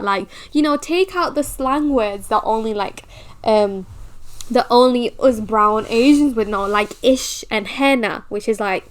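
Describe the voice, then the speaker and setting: A woman's voice: on the high side, a little slow. A woman in her twenties, telling her own story in a candid, chatty way with some swearing. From Britain. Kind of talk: casual personal storytelling.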